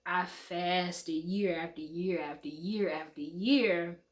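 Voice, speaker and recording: A woman, telling a heartfelt storytime straight to her viewers. Her voice sits on the low side, and she keeps it candid and conversational, calling them y'all and swearing without a second thought. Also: fairly even intonation, slow pace. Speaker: vlogger. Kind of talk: emotional storytime to camera.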